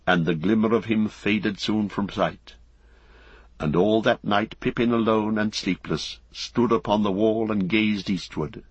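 A man narrating an audiobook in an even, steady storytelling voice. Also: fairly low pitch, husky, dry recording, lo-fi sound. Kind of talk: scripted narration.

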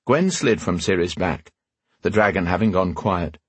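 A male narrator reading a fantasy story with expressive, measured delivery. His pitch moves a lot and his voice is husky. The sound is dry and close. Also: no echo. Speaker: audiobook narrator. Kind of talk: scripted narration.

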